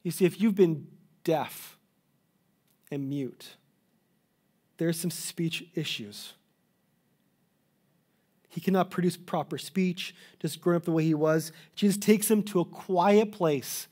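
Taking his time, a middle-aged pastor from Canada preaches with pleading sincerity and long pauses, occasionally cutting a phrase short to start it over. The voice is mellow and warm, just slightly high.

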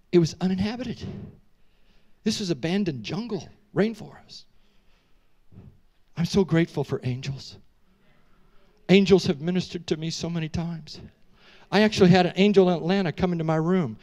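A middle-aged man preaching in a church, telling a dramatic story with animated delivery, frequent restarts and questions to the audience. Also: high voice. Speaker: guest preacher. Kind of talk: storytelling sermon. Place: church sanctuary.

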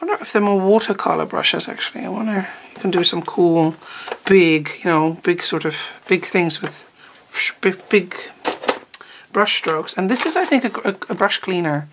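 A woman's voice: on the low side, normal speed, fairly bright tone. A woman chatting casually while unboxing art supplies, rambling and often trailing off mid-sentence. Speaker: art teacher. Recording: noticeable background noise.

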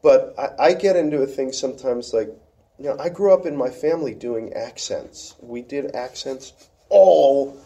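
A man with a dark, mellow voice, talking casually about theatre. He muses and backtracks, then gets animated when a point lands. His pitch sits in a middle range. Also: normal speed. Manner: musing, trails off and restarts, animated when making a point. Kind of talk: casual conversation.

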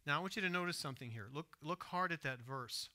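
Bright-voiced preacher with a dramatic delivery. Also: male voice, on the high side, fast talker. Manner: dramatic, shifting from soft hushed retelling to loud emphatic asides; asks the congregation direct questions. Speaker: pastor. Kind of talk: sermon. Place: church sanctuary.

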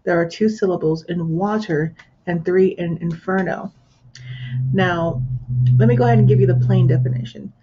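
A woman teaching a pronunciation lesson to an imagined class, pausing for their answers and using plenty of fillers like "uh" and "um". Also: fairly low pitch, dark tone, slight background noise. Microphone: screen recorder with built-in microphone. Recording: dull lo-fi screen recording.

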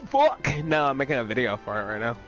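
A man's voice: mid-range voice, normal speed, highs cut off. A man chatting casually with a friend during a game, ranting with lots of swearing and laughter, with faint music behind. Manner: profane, animated, laughs a lot. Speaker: friend on voice chat. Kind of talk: casual gaming chat.

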